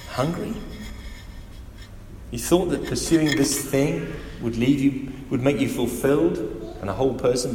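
Guy preaching, really lively pitch, echoey church hall. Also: a little hiss or hum. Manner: animated, emphatic, asks the listeners direct questions. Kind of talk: sermon. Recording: echoey hall with faint ambience.

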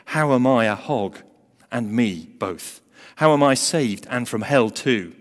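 A man's voice: medium pitch, lively intonation, slow. A man putting on a ranting, self-righteous old farm woman. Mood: low fury. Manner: ranting, fierce and aggrieved. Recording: long hall reverb.

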